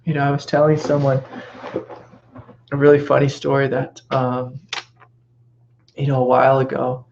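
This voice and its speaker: A middle-aged man giving a spiritual teaching talk in a gentle, reflective way, sometimes dropping into soft reassuring whispers. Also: medium pitch, monotone, moderate pace, vocal fry, dull audio, slight background noise.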